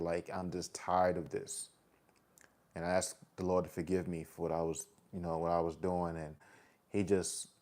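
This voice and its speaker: A man's voice: sits low, a little mellow. A man talking earnestly to his followers about his faith, casual and repetitive, with heavy sighs. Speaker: vlogger sharing faith testimony. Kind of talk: heartfelt personal talk to followers.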